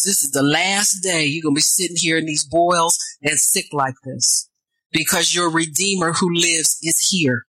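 A woman's voice: sits low, dry recording, poor audio. A woman preaching a sermon, reading scripture aloud and breaking in with questions to the congregation, her voice climbing as she builds. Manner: call-and-response asides, rising to shouts.

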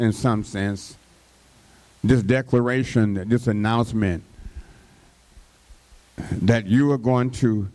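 Man, preacher, slow, call-and-response sermon. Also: mid-range voice, warm tone.

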